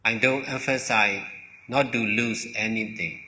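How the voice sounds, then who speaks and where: A man whose first language is Burmese, giving a slow dharma talk in short, halting phrases, often repeating words. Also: lowish voice, steady tone, bright, forceful tone. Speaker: monk teacher. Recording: long hall reverb.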